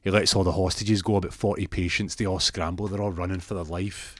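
A man's voice: low-pitched, fast, no echo, studio quality. Man telling a comic story. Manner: animated, switching into raised character voices. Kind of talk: comic storytelling with acted voices.

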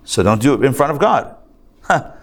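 A man, a rabbi, teaching a live class in a conversational, lively way, asking rhetorical questions and adding asides. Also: medium pitch, moderate pace. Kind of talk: live lecture to a group. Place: live class in a synagogue learning center.

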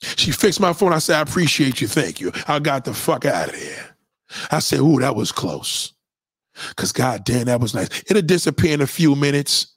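A man streaming a casual, profane monologue, preachy and animated as he lectures his viewers. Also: mid-range voice, moderate pace, breathy edge, no echo, studio quality. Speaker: live streamer.

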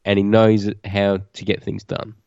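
A man's voice: lowish voice, completely flat delivery, unhurried, creaky, darkish tone, clear, resonant tone, no room sound, muffled recording. A man co-hosting a podcast, chatting casually about a TV show, emphatic and profane. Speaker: podcast co-host.

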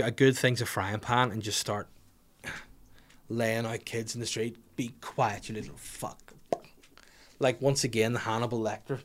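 A young man hosting a comedy podcast, swearing freely and acting out little scenes as he rants. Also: medium pitch. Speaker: podcast host.

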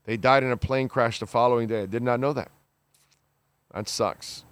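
A male podcast host with a smooth, resonant voice, recorded dry and close. He reacts bluntly and with exasperation, swears freely, and stumbles through restarts as he talks. His pitch sits in an ordinary middle range. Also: steady tone, no room sound. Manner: halting restarts, many fillers. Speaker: podcast host reading listener comments. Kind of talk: casual chat.

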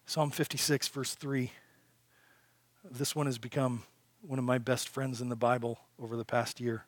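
A man preaching a sermon to a congregation, emphatic, with rhetorical questions and swings between loud passages and hushed ones. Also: mid-range voice, flat delivery, moderate pace, no echo. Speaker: pastor.

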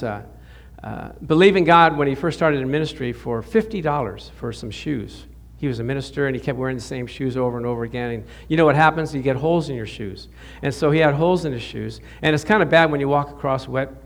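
High-voiced man preaching a story sermon. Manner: storytelling, animated, rises sharply when quoting prayers; laughs often, repeats and restarts words. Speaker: pastor.

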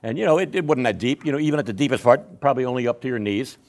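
A man with a medium-pitched voice talks very fast, sharing a folksy personal testimony with a Sunday school class. He tells it animatedly, frequently restarting his sentences.

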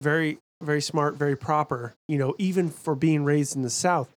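A man talking casually on a podcast, blunt and quick to swear, breaking into laughs as he tells a story. His voice is a touch high for a man. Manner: blunt, profane, laughs often.

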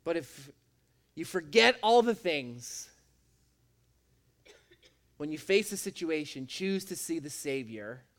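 A man's voice: a little high, big pitch swings, takes it slowly, pauses often. A man preaching a sermon as a pastor, with an emphatic, repetitive cadence.

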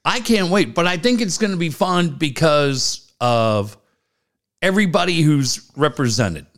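A man's voice: fairly high pitch, animated, a little slow, a bit bright. A man hosting a casual sports talk show, eager and rambling. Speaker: host.

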